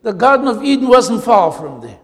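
A South African man preaching a sermon as pastor, telling humorous stories with drawn-out emphasis, in a church hall. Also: very high voice, very animated. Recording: long hall reverb.

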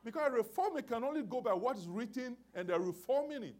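A male preacher delivering a sermon with a lively pitch that climbs and dips. He speaks with emphasis, restarts his sentences and repeats key phrases. He keeps checking in with the congregation by calling for an amen. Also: fast talker, hardly any pauses.

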